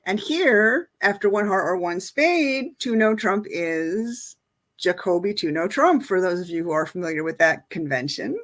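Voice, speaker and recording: A woman's voice: medium pitch, animated, a little slow. Woman, middle-aged, bridge teacher, chatty, casual explaining, lots of ums and likes. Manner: casual explaining, many fillers. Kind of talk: online lesson.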